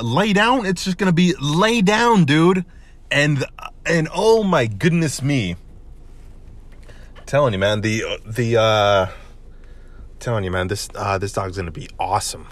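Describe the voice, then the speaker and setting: A young man hosting a casual solo podcast, rambling excitedly with lots of swearing and restarts. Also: medium pitch, no echo. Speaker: podcast host.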